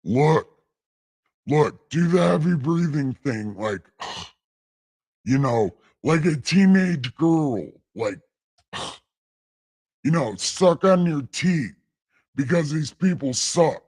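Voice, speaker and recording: A man's voice: fairly high pitch, animated, slow pace, long pauses, darkish tone, slightly rough. A man casually reading the Bible aloud on a late-night livestream, irreverent and rambling, stumbling over lines and swearing as he goes.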